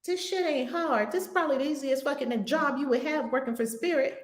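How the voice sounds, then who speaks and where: A woman spiritual teacher talks to her group in a blunt, lively way, swearing now and then and acting out little scenes. Her voice sits a touch high. The room around her sounds echoey. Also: a little fast. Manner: animated, acts out little scenes.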